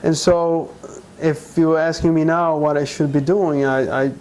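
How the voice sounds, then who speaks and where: Earnest Brazilian man with a mellow voice. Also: fairly high pitch, steady tone, slight background noise, low-quality recording. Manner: earnest, halting with many restarts. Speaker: guest. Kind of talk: conversational interview.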